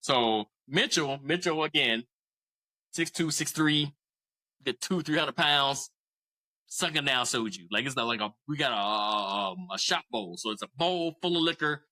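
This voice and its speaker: A man's voice: mid-range voice, expressive, unhurried, sharp tone, rough recording. A man in his forties casually telling a profane story as a podcast co-host, often laughing.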